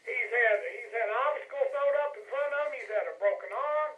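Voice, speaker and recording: A man's voice: extremely high pitch, brisk. A man co-hosting a wrestling talk show, talking up events in emphatic promoter banter. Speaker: co-host. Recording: echoey phone-line audio with faint noise.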